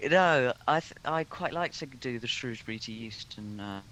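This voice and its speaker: A man's voice: medium pitch, animated, normal speed, a bit bright. A man chatting over a train game, hesitant with many ums and a dry sense of humour. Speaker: co-host. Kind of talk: casual gameplay chat. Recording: clear background noise.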